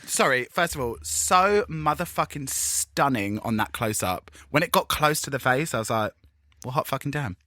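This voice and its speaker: Gushing man, lively and bright. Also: mid-range voice, moderate pace, few pauses, no echo, clean studio sound. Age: 30s. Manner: camp, sweary and gushing, breaks into quoted voices. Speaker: podcast co-host. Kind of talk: casual chat.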